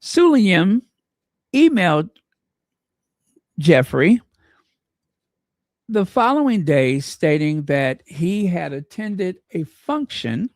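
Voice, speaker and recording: Slow-talking sarcastic man, dry close mic. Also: high voice, sing-song, dry recording. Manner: chatty, sarcastic asides to viewers. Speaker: royal commentary channel host. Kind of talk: casual commentary reading news aloud.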